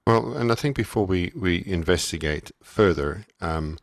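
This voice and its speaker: A very deep-voiced man from South Africa co-hosts a casual parenting podcast. He muses aloud, circling back and restarting his sentences, poking fun at himself. The sound is close and dry. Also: normal speed, dry recording. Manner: reflective, self-deprecating, many restarts. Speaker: podcast co-host.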